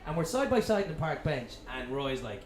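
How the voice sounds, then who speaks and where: An Irish man, a radio presenter guesting on a live comedy chat show, telling animated stories and swearing freely. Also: a little high, a little fast. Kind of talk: live anecdotal storytelling. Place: comedy club venue with live audience. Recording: echoey club room with audience noise.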